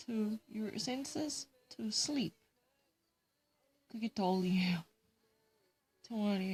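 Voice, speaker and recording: A woman's voice: medium pitch, moderate pace, a little mellow, slightly rough. A woman with a Korean accent, Korean as her first language, reading English vocabulary words and definitions aloud and explaining them in casual solo study.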